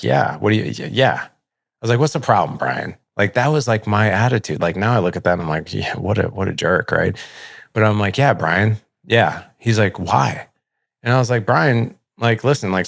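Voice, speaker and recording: Telling a personal story on his podcast, a middle-aged man speaks in a fairly low voice with noticeable vocal fry. He's casual and candid, says "like" constantly, and performs the dialogue. Studio-quality audio without room sound.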